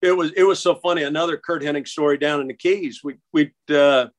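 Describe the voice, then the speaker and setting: A middle-aged man telling stories in casual conversation, halting and restarting with many repeated words. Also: a little high. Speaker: interview guest. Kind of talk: casual storytelling.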